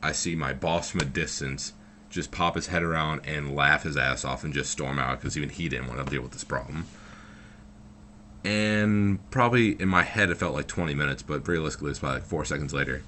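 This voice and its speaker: A man's voice: rumbling low, a little fast, pushed and bright, slight background noise. A young man telling a story from his own life in a loose, rambling way, full of fillers and swearing. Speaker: vlogger. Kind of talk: casual storytelling.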